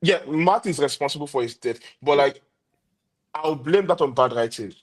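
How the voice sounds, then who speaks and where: A man's voice: a little high, lively intonation, moderate pace, rough recording. A man co-hosting a casual podcast chat, agreeable and talking at length to explain his opinions. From Nigeria. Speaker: podcast co-host.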